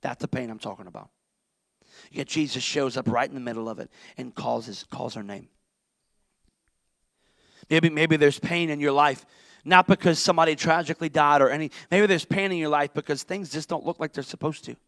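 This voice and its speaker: A middle-aged male pastor preaching an impassioned sermon, swinging from shouts down to near-whispers. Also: a little high, a little fast, creaky, no echo.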